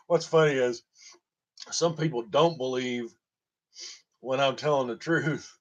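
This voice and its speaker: A man's voice: mid-range voice, takes it slowly. A man from Tennessee, rambling through comic stories and laughing at his own jokes. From Tennessee, USA. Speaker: storytelling vlogger. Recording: dull lo-fi recording.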